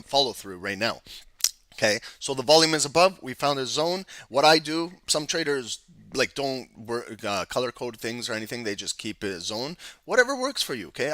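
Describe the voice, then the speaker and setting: A man's voice: medium pitch, pushed and bright, no echo. A man casually teaching a live trading lesson over his screen, talking with lots of ums and restarts. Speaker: trading instructor.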